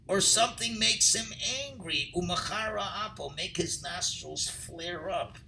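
A man teaching a Torah text class, reading Hebrew phrases and translating them, at times rising to loud emphasis. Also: fairly high pitch, creaky, a little hiss or hum, rough recording.

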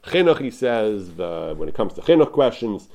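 A man's voice: on the low side, normal speed. Man animatedly retelling rabbinic rulings. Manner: animated retelling, repeats "he says", frequent restarts. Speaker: Torah lecturer. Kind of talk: informal lecture retelling rabbinic responsa.

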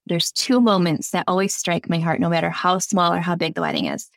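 Low-voiced woman officiant chatting. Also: big pitch swings, brisk, no echo. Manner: warm storyteller, laughs often. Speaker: wedding officiant, podcast guest. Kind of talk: casual interview chat.

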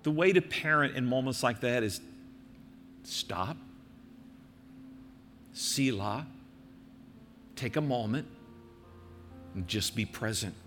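A man's voice: mid-range voice, expressive, soft background music. Older man pastor preaching in a reverberant hall. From American Midwest. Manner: earnest, exhorting, slows and softens for emphasis. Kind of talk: sermon.

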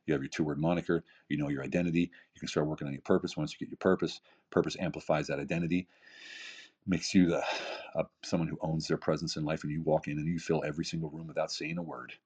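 A man's voice: very deep voice, flat delivery, quick pace, a little mellow, slightly rough. A man in his fifties, a podcast guest giving an emphatic motivational talk full of rhetorical questions and repeated phrases. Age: 50s. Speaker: podcast guest, keynote speaker and author.

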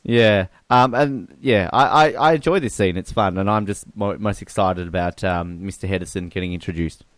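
A man's voice: low-pitched, normal speed, few pauses, dry recording. A man co-hosting a podcast, talking about a film with enthusiasm and plenty of laughs and fillers. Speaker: podcast co-host. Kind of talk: casual film discussion.

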